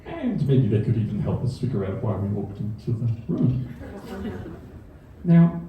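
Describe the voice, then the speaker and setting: A man's voice: mid-range voice, very animated, measured pace, dull audio, a little hiss or hum. A man giving a comedy science talk on stage, with dry, self-deprecating humor and chuckles at his own jokes. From Australia. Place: comedy venue stage before a live audience. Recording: echoey hall, mic from a distance.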